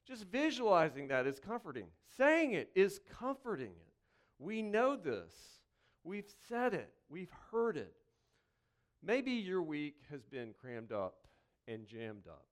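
Smooth-voiced male pastor, lively then hushed. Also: a little high. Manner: swings from lively, joking asides to slow, hushed reflection; repeats key phrases slowly for emphasis. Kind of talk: conversational sermon.

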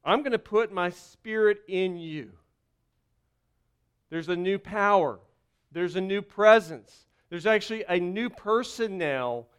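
A man preaching with a Southern lilt, his voice pitched high and smooth. He tells stories in an animated, rambling way, cutting himself off and restarting mid-sentence. It sounds like a sermon from the pulpit. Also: slow. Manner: animated storytelling with self-interruptions and restarts. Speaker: pastor.

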